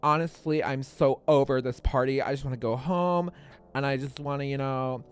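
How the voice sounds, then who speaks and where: A man's voice: mid-range voice, steady tone, normal speed, clean tone, soft background music, lightly acted. A man putting on the voice of a spoiled young valley girl, gossiping and complaining. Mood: gossipy. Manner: gossipy, whiny.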